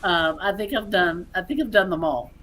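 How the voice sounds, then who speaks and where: A young woman, a community theatre actor, chatting casually and telling lively stories with laughs. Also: fairly low pitch, normal speed. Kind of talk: casual chat.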